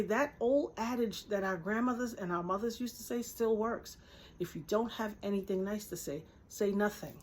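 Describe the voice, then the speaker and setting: A woman's voice: mid-range voice, darkish tone, a little hiss or hum. A woman vlogger telling a personal story straight to camera, earnest and emphatic. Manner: earnest and emphatic, acts out quoted voices. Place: indoors, speaking to camera.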